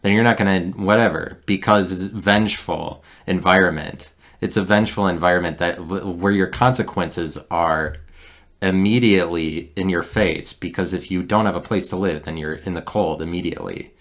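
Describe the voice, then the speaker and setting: Man, deep voice, solo podcast rant, digressive, sarcastic, handheld recorder. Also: moderate pace, fairly bright tone. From Midwestern United States. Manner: digressive, sarcastic, restarts often. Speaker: podcast host. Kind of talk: rambling solo podcast monologue.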